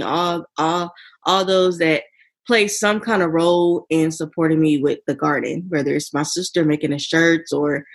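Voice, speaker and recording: A woman co-hosting a casual chat, upbeat and rambling with lots of fillers. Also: deep voice. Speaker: podcast co-host.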